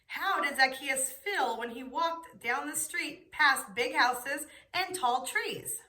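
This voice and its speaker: Bright, high-voiced woman teaching preschoolers. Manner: slow, patient question-and-answer prompting. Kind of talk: teaching young children.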